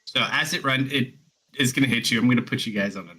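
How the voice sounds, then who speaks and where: Bright-voiced male dungeon master. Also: mid-range voice, fast talker. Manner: loose, rambling narration with fillers and laughs. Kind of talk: narrating a tabletop game.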